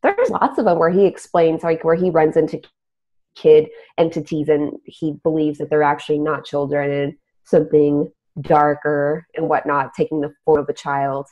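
On a dull lo-fi recording, a young Texan woman hosting a podcast shares a spooky story in casual chat. Her voice is deep with a dark tone and a normal pace, and she tells it storytelling-style, trailing off at times.

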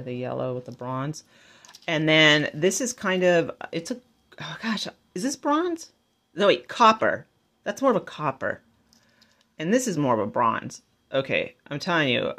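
A woman's voice: a bass voice, fairly bright tone. Bubbly woman gushing over a haul. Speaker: haul vlogger. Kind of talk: casual haul vlog chat.

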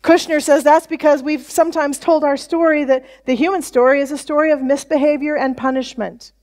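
High-voiced woman pastor, lively conversational sermon delivery. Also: brisk. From United States. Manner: conversational preaching, animated quoted voices. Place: church.

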